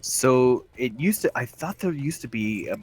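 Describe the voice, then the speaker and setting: A man's voice: medium pitch, expressive, a little slow, a little hiss or hum. A man chatting casually about a game, hesitantly looking up and checking item details. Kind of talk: casual gaming chat.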